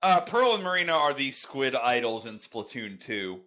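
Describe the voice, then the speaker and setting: Dry, sarcastic man with a bright voice. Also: mid-range voice, big pitch swings, moderate pace. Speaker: interview guest. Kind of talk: casual podcast interview.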